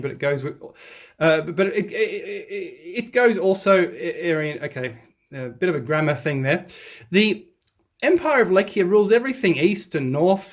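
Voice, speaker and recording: Guy reading some article out loud and ranting back at it, sarcastic, voice jumps way up when he gets worked up. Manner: excitable, sarcastic, pitch jumps on emphasis. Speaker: history video commentator. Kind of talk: reading aloud and rebutting an article.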